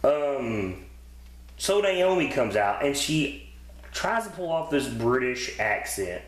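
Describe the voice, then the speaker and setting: In an echoey room, a podcast co-host ambles through a casual chat about wrestling episodes, swearing and filling gaps with fillers. He takes it slowly, his medium-pitched voice rising and falling in a sing-song way.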